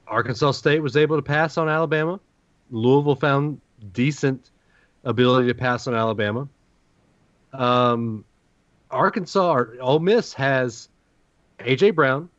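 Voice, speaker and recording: A man's voice: medium pitch, no echo, highs cut off. A man from the Southern US, co-hosting a podcast and giving confident, analytical game predictions in casual sports chat. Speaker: podcast co-host.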